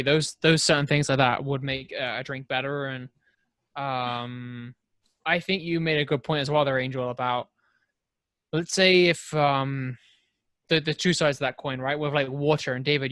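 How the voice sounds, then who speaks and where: A man's voice: mid-range voice, fairly even intonation, moderate pace, a bit bright, no room sound. A man co-hosting a fitness podcast, chatting casually, laughing often and swearing. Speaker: podcast co-host, trainer. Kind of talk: casual chat.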